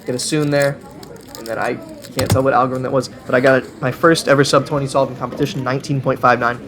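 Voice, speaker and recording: A man's voice: medium pitch, little pitch movement, quick pace, a bit bright, a little hiss or hum. A young man giving casual voice-over commentary, chatty and self-deprecating, often laughing at himself. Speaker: vlogger.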